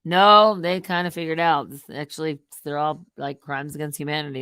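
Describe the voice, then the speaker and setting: A woman's voice: low-pitched, moderate pace, clear, resonant tone, no room sound. Chatty woman live streamer, dry close sound. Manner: animated, swings between loud outbursts and muttered asides. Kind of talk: casual rambling live stream commentary.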